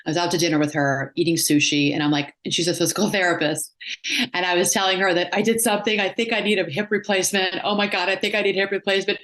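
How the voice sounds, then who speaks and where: Animated woman therapist, low voice. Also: fast. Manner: animated storyteller, acts out quoted voices. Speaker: psychotherapist and life coach guest. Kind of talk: casual interview chat.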